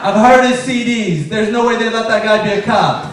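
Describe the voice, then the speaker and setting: A man voicing an ordinary male driver who calmly argues his case. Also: sits high, normal speed, natural voice. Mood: reasoning. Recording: echoey club from a distance.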